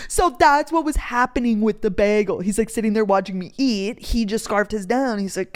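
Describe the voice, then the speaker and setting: A woman's voice: a little high, moderate pace, hardly any pauses. A young woman hosting her own podcast, telling a rambling everyday story in a chatty way, swearing freely and acting out what people said. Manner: chatty, swears freely, lively quoting of others. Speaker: podcast host. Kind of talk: casual storytelling monologue.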